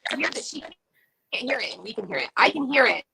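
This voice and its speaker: Woman guest on a video call, brisk and husky, bright tone, keeps chiming in. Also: high voice, lively intonation, low-quality recording. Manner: quick, agreeable, interjects often. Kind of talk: casual live-stream chat.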